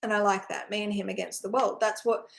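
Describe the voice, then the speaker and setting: A woman's voice: mid-range voice, level tone, fast, creaky. A woman giving a personal spiritual talk, telling her story in a heartfelt, rambling way with sighs, often checking in with "right?". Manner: earnest, emotional storytelling with sighs. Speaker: spiritual teacher.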